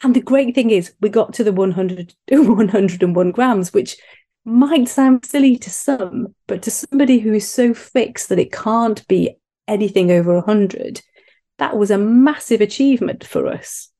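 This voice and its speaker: A woman's voice: mid-range voice, measured pace, warm tone. A middle-aged woman from Wales, a podcast guest telling earnest, self-deprecating stories about her family. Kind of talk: podcast interview, personal story.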